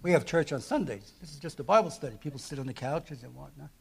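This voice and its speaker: A middle-aged man from New Jersey preaching a sermon, telling stories with many restarts and lively swings in loudness. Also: quick pace, vocal fry, breathy edge. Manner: animated storytelling, many restarts, lively swings in pitch and volume. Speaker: guest preacher. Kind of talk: sermon with retold dialogue.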